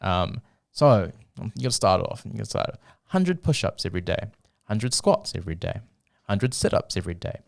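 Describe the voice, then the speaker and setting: A man's voice: fairly low pitch, lively intonation, creaky. A man co-hosting a comedic podcast, chiming in like an eager sidekick. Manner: eager sidekick, quick agreeing interjections. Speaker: podcast co-host.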